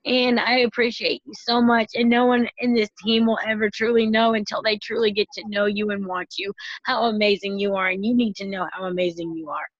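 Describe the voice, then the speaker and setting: A woman's voice: medium pitch, steady tone, brisk, no echo, dull audio. A woman team leader giving an emotional, effusive tribute in a folksy, heartfelt way. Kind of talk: heartfelt tribute on a video call.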